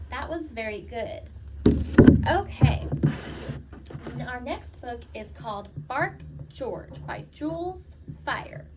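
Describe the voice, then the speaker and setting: A woman teacher reading picture books aloud to a child in an animated, encouraging way, asking questions as she goes. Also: high voice. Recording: slightly dull, faintly noisy recording.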